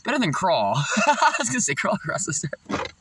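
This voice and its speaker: A man's voice: sits high, wildly swooping pitch, a little fast, background noise. A stoned man rambling loosely to the camera in a casual vlog, laughing often and drifting off topic. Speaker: vlogger.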